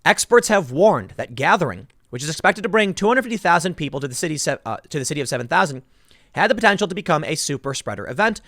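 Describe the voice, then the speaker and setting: A man delivers sarcastic, emphatic political commentary, swinging his fairly high voice up and down as he tells his story. The sound is dry and close to the mic, with no room echo. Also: big pitch swings, fast talker, pushed and bright. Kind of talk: opinionated commentary vlog.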